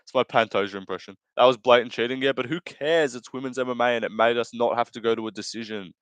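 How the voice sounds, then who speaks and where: A man's voice: mid-range voice, fast talker, fairly bright tone, smooth, no echo. A young man hosting a live stream, reading chat aloud in casual commentary, rambling through crude jokes, laughing often and correcting himself. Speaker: livestream host.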